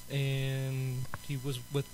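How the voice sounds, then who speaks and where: A man's voice: mid-range voice, completely flat delivery, very slow, darkish tone, slight background noise, low-quality recording. A man hosting a casual podcast chat, easygoing, asking questions and laughing often.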